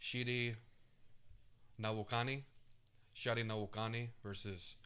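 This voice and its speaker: Brief: loud, bright-voiced male co-host, loose and profane, jumps from topic to topic. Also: medium pitch, little pitch movement, measured pace, clean tone. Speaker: co-host of a fight watch stream. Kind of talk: casual banter between friends.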